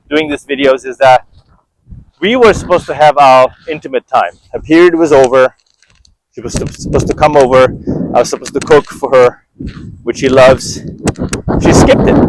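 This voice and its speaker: A man's voice: medium pitch, noisy background. Man telling a personal story, chatty. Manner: conversational, repeats words, asks the viewer "right?". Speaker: vlogger. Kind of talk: candid personal storytelling to camera.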